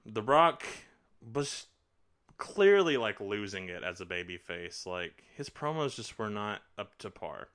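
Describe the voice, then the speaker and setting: A man's voice: lowish voice, very animated, a little slow, fairly bright tone, slight background noise. A man co-hosting a casual podcast, rambling through wrestling recaps with lots of fillers and acted-out quotes. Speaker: podcast co-host. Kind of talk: casual chat.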